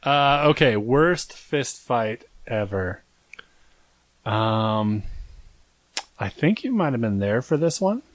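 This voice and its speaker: A young man co-hosting a podcast, telling a story in a rambling, self-mocking way and jumping into a high voice for quoted lines. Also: sing-song, slow, long pauses, no echo. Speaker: podcast co-host. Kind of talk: casual storytelling chat.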